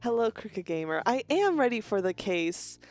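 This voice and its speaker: Fast-talking young woman streamer. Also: medium pitch, very animated, darkish tone. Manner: fast-talking, bubbly, frequent laughs. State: stuffy nose. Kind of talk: casual stream chat greeting viewers.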